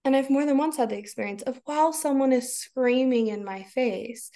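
A woman's voice: sits high, moderate pace, few pauses, dark tone. A woman in her thirties, a podcast guest, talking casually and expressively, laughing often and acting out her own inner voice. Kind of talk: casual conversation.

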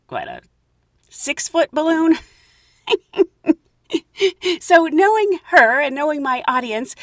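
A woman tells funny personal stories in a lively, swooping voice that sits a little high. She laughs often and acts out her own thoughts as she goes. The sound is close and dry, with no room around it. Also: no room sound. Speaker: host telling stories. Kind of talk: casual storytelling.

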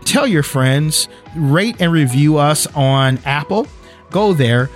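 A man's voice: a little high, lively intonation, slow pace, soft background music. A man co-hosting a faith-based podcast, speaking earnestly and emphatically, often restarting and repeating words. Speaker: podcast co-host.

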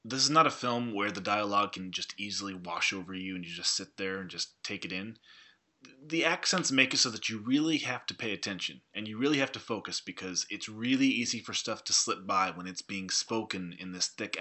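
A man's voice: on the low side, animated, fairly quick, pushed and bright. A man in a casual film conversation, explaining his points earnestly and carefully.

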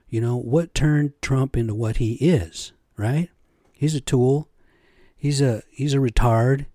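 Warm and medium in pitch, a middle-aged man's voice comes through clean and echo-free, like a studio recording. He hosts his own podcast from a cheap home setup, delivering a casual solo rant full of rambling, free swearing, and rhetorical questions.

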